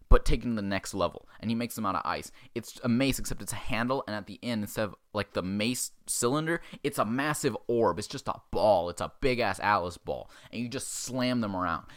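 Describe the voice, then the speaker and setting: A young man hosting a podcast, casually recapping an animated film in an excitable, profane storytelling manner, acting out the characters' lines as he goes. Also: medium pitch, no echo, clean studio sound. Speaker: podcast host.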